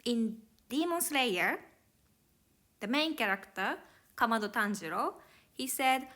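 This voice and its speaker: A woman's voice: fairly high pitch, animated, slow pace, long pauses, a bit bright. A woman teaching Japanese grammar to learners, explaining each step carefully in plain, slightly non-native English.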